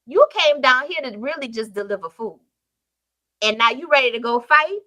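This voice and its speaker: A woman's voice: high-pitched, animated, normal speed, pushed and bright. A woman preacher voicing a skeptical king who scolds a young man as too green to fight, with incredulous questions. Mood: scolding.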